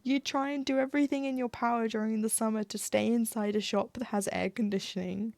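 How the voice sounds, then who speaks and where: Woman, chatty stitching streamer, gravelly, dry mic, faint music behind. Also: on the high side, fairly even intonation, fairly quick, a little mellow, dry recording. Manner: chatty, ranting, laughs often. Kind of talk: casual chat while stitching.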